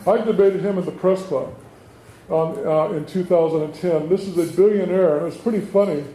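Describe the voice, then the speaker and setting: High-voiced man in an echoey hall. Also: moderate pace. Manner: forceful, folksy storytelling with rhetorical questions. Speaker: state assemblyman. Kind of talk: political town hall speech. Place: community meeting room. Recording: echoey room, faint background noise.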